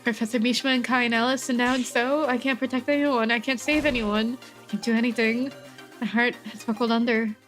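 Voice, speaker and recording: A woman's voice: fairly high pitch, steady tone, brisk, a bit bright, soft background music, close to an everyday voice. A woman voicing a despairing teenage girl heroine in a game, reading her earnest inner monologue.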